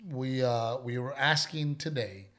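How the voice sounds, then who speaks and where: A man's voice: mid-range voice, measured pace, fairly bright tone. A man in his thirties, a podcast co-host and father, chatting in an easygoing way with jokes and frequent "right?". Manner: easygoing, joking, says "dude" and "right?". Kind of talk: casual chat.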